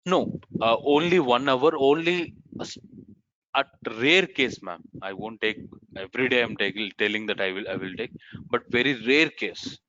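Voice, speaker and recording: A male instructor runs a live Q&A in an online class, answering questions in a bright, forceful tone and constantly addressing students as sir and ma'am. His mid-range voice has lively intonation and a moderate pace, and the video-call audio is muffled, dry, and dull with no room sound.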